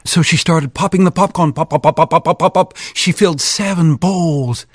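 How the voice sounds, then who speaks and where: A man telling a children's story aloud, lively, with sound effects and cheers. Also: on the high side, moderate pace, no echo, studio quality. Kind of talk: animated oral storytelling.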